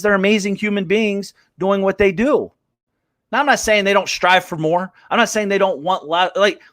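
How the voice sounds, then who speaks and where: A man's voice: high-pitched, a bit bright, dry recording, studio quality. A man hosting a live business show, ranting bluntly and swearing as he acts out voices of others. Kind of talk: fired-up motivational rant.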